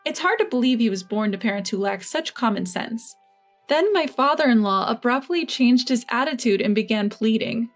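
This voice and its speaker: A woman narrating her own family revenge story in the first person, matter-of-fact and quietly smug. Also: fairly high pitch, lively intonation, normal speed, faint music behind.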